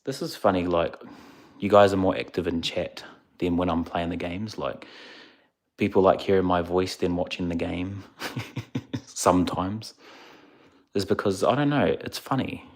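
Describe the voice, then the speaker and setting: A man's voice: low-pitched, fairly even intonation, normal speed, darkish tone. A man casually chatting on a livestream, laid-back and rambling, a little sleepy. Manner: laid-back, rambling, answers chat questions. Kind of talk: casual live-stream chat.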